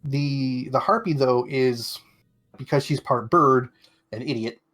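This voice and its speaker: A man's voice: medium pitch, slow, fairly bright tone. A young man co-hosting a podcast, recapping an anime episode in casual chat, with plenty of fillers and quoted asides. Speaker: podcast co-host.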